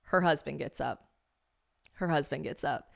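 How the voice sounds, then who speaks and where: A woman hosting a podcast, telling stories in a casual, animated and dramatic way. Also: sits low, normal speed, gravelly. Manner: animated, dramatic retelling with quoted voices. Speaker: podcast host.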